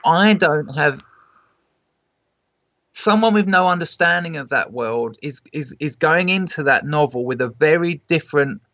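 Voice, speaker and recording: A man asking probing questions in a casual conversation. His voice is sharp, bright and fairly high. The audio is dry and a little dull. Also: animated, unhurried, no room sound. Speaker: guest, novelist.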